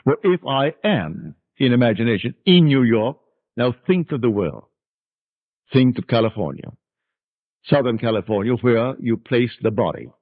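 A man's voice: medium pitch, lively intonation, moderate pace, no echo. A man giving an earnest, emphatic spiritual lecture, heard on an old tinny archival tape recording. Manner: earnest, emphatic, rising and falling delivery.

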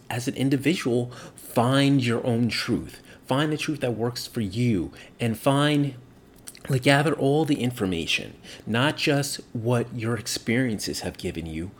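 A man's voice: medium pitch, slight background noise. A man talking casually about his opinions, rambling, full of fillers and restarts, and swearing bluntly.

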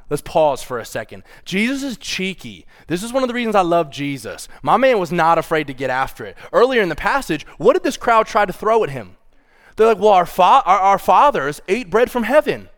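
A young adult man preaching a sermon, reading scripture with feeling and playful, animated asides. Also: high voice, normal speed. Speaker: pastor.

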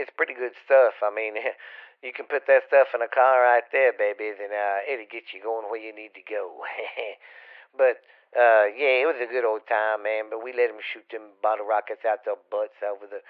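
A man, a regular podcast guest, rambling in folksy, profane casual chat. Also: medium pitch. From Louisiana, US. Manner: rambling, profane, folksy, calls listeners babies. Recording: dull lo-fi recording.

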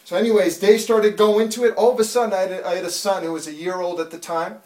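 A man in his thirties giving a fervent testimony in church, building from storytelling to loud, pleading prayer. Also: high-pitched, steady tone, fast, echoey room, distant mic. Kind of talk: preached testimony.

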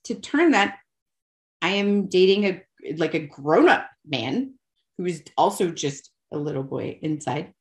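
A woman with a fairly low voice speaks as a podcast guest from home, animated and unhurried. She is candid and chatty, emotional and self-mocking, in a personal conversation.

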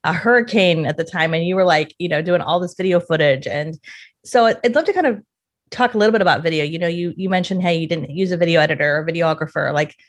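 A woman's voice: low-pitched, no echo, clean studio sound. A woman hosting an interview, asking questions in a friendly, encouraging way and laughing along. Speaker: interview host. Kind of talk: casual interview chat.

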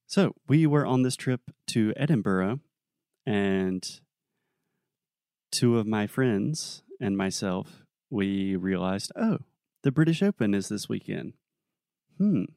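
A young adult man co-hosting a podcast, telling a story in a relaxed, casual way with plenty of fillers. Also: medium pitch, gravelly, dry recording, clean studio sound. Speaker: podcast co-host.

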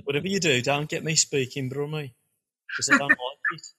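A man's voice: a little high, sing-song, fairly quick, bright, forceful tone, breathy edge, rough recording. A man from Birmingham, England, co-hosting a podcast in dry, teasing casual chat. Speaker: podcast co-host.

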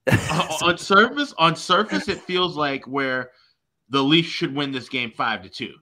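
A man co-hosting a hockey betting show, laying out his picks in a casual, measured way. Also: on the high side, lively intonation, pushed and bright.

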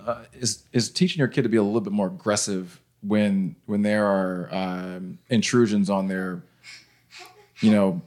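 On a laid-back parenting podcast, a male co-host chats away, laughing often and restarting his sentences. His voice is on the low side with a darkish tone.

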